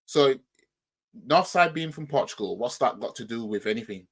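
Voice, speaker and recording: Yorkshire man, reaction host, rambling, rhetorical questions, even mid pitch. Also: normal speed. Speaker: football reaction channel host. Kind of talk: casual reaction commentary.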